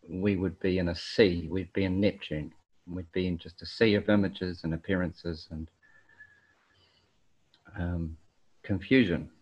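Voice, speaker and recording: A man from New Zealand speaking on a panel over a video call, explaining ideas thoughtfully with many pauses and ums. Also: deep voice, slightly rough. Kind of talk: slow reflective explanation. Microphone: video call mic. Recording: dull lo-fi video call audio.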